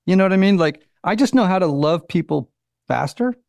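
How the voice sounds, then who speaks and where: Gravelly man in his sixties, animated. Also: high-pitched, a little fast, no room sound, studio quality. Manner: animated storyteller, acts out quotes, many "you know"s. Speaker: author and psychotherapist, guest. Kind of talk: conversational interview.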